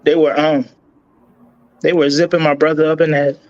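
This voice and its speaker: A man with a voice that sits a bit high, talking through a hard memory as an interview guest, choked up, stopping and starting, words tumbling and repeating. the audio is dull and lo-fi. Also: level tone, darkish tone. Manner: halting, with many restarts and repeated words. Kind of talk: emotional personal story.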